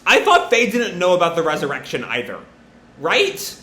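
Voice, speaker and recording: Animated man with a bright, roomy voice. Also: sits high, normal speed. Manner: casual, rambling commentary with fillers. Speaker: manga reaction host. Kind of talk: live reading and reaction. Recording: roomy echo.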